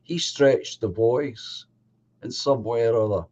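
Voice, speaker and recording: A man's voice: mid-range voice, slow pace, darkish tone. A Scottish man hosts a casual live stream, chatting at an easy pace and greeting viewers by name. His voice sits in a middle range, and the audio is dull and lo-fi. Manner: easygoing, greets chat viewers. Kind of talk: casual chat.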